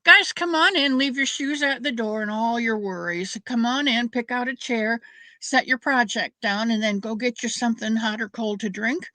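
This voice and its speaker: A middle-aged woman hosts a crafting livestream, chatting casually and rambling as she greets viewers by name. Her slightly high voice sounds pushed and bright at a moderate pace, on a dry recording.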